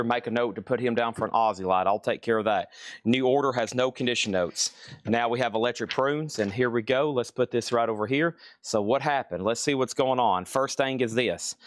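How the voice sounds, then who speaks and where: A man's voice: medium pitch, no echo. Guy running a live record sale stream, rattling off prices and bids, close dry sound. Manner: brisk running price calls, chatty asides. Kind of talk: live-stream sales patter.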